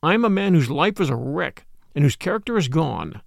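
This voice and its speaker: A man reading the part of a haunted, weary middle-aged male medical assistant in a low, stern and resolute way, in a dramatic audiobook. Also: very animated, fairly quick, vocal fry, dry recording, clean studio sound. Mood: anguished.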